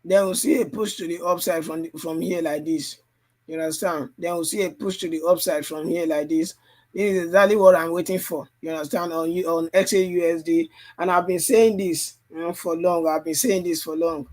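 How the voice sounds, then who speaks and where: A man's voice: a little high, fairly even intonation, brisk. A man coaching a live trading stream, his voice strained and tired, repeating phrases and constantly checking "you understand?". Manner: repetitive, keeps asking "you understand?". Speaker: trading livestream host. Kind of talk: live chart analysis and coaching.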